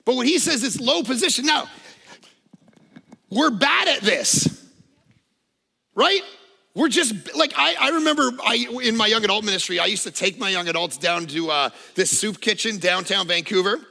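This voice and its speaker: Brief: man in his 40s, pastor delivering a sermon; high, bright and edgy voice; lively storyteller; reverberant church hall. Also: moderate pace, creaky. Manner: lively conversational storytelling with humor. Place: church auditorium.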